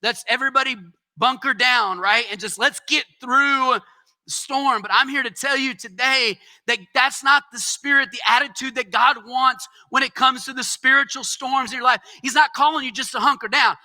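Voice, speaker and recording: A man preaching a sermon as pastor in a church, speaking in a conversational way that swells into emphatic, shouted exhortations. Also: extremely high pitch. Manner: conversational asides with quick laughs.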